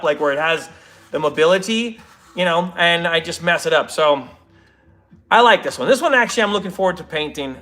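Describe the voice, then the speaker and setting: A man's voice: a little high, a bit bright. A man chatting casually on a livestream while building models, rambling and interrupting himself as he reads comments.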